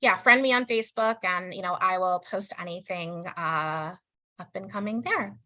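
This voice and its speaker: A woman's voice: lowish voice, normal speed. A woman in her thirties performing a stand-up set over a video call, acting out quoted voices with big swings. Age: 30s. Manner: animated, jumps into exaggerated quoted voices. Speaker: stand-up comedian.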